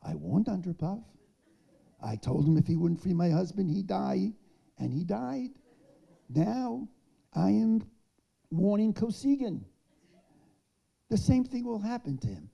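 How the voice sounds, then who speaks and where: A gravelly man voicing a defiant, fierce woman. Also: high voice, sing-song, unhurried, long pauses, highs cut off, voice pushed up, heavily acted. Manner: emphatic, raised and declaiming.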